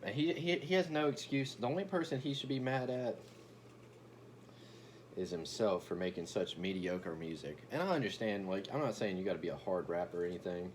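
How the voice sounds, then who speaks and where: Profane, brash man with a very low voice. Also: brisk, a little hiss or hum. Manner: brash, profane, boastful rant with stammered restarts. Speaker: comedic commentary vlogger. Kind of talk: ranting comedic commentary.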